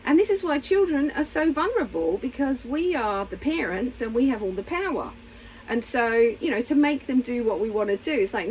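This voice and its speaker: Woman therapist, middle-aged, casual and frank to camera, very animated delivery, faint hiss behind her. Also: sits high, fairly quick, poor audio. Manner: candid, blunt, animated, acts out little voices. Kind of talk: casual explanatory talk to camera.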